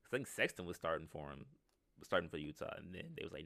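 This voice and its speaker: A man's voice: sits low, very fast, gravelly, pushed and bright, no echo. A man co-hosting a podcast, chatting casually about basketball in a loose, rambling way and laughing often. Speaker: podcast co-host. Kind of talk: casual sports chat.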